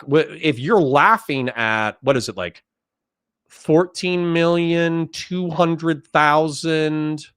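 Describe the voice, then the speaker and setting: A man's voice: mid-range voice, a bit bright, dry recording, clean studio sound. A man hosting a political stream, ranting angrily and swearing as he argues with callers. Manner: angry, profane, rapid ranting. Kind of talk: heated political debate.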